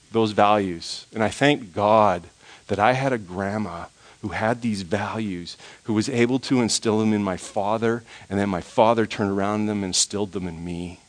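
Preaching man, hushed then booming. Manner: dynamic preaching, swinging from hushed to loud and high. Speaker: pastor. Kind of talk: sermon.

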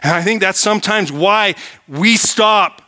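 Bright-voiced male preacher, emphatic. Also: high-pitched, a little slow. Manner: emphatic, rhetorical questions, drops to quiet for emphasis. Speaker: pastor. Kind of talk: sermon.

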